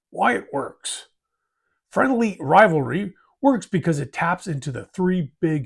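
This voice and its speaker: A man's voice: fairly high pitch, big pitch swings, measured pace, vocal fry, husky. A man hosting a hobby advice talk in a folksy way, tagging his sentences with friendly asides. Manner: folksy, tags sentences with "eh" and "bud". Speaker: host.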